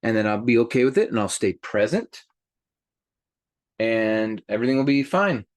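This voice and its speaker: Guy hosting a motivational group call, mid pitch, dry close sound, keeps asking the group stuff. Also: moderate pace, no echo. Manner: animated, addresses listeners directly. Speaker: host.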